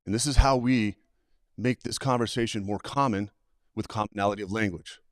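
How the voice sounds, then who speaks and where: Male suicide prevention trainer, low voice, lively storyteller who acts out the dialogue. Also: brisk, no echo, studio quality. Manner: animated, acts out quoted dialogue. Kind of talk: live talk-show guest storytelling.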